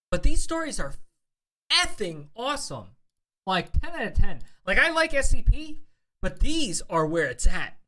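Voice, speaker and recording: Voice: medium pitch, a bit bright. A young adult streamer chatting casually with viewers, swearing often and full of fillers and restarts. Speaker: streamer host. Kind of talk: casual live-stream chat.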